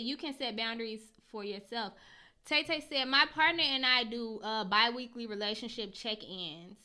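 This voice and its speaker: Reading out live chat comments, a young woman livestreamer replies to viewers directly and by name, candid, slangy and freely profane. Her voice is fairly high and sharp.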